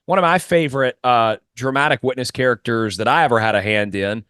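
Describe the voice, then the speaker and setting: A man's voice: medium pitch, brisk, fairly bright tone, clear, resonant tone, no room sound, studio quality. A man hosting a podcast interview who coaches mock trial and asks thoughtful, long framing questions. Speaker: podcast host.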